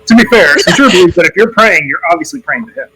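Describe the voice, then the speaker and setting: A man's voice: sits high, lively intonation, fast, sharp tone, husky, low-quality recording. A man playing a tabletop game, making joking asides about his character. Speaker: player. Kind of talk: casual tabletop role-play.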